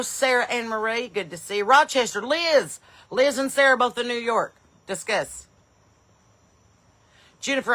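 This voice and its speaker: A woman, hosting a live stream and chattily greeting viewers, calling out their places with eager bursts of loudness. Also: medium pitch. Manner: chatty, calls out place names loudly and eagerly. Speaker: comedian and podcast host.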